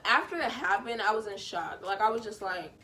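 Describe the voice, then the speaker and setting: A woman in her twenties telling a story from home in a chatty, animated way. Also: mid-range voice, brisk. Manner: animated and chatty, full of fillers. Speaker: vlogger. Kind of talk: casual storytime.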